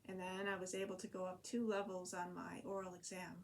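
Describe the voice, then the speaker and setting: A woman's voice: lowish voice, flat delivery, a little fast, slight background noise. A woman talking casually in a diary-style vlog, rambling and chatty with frequent fillers and restarts. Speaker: vlogger and online French teacher.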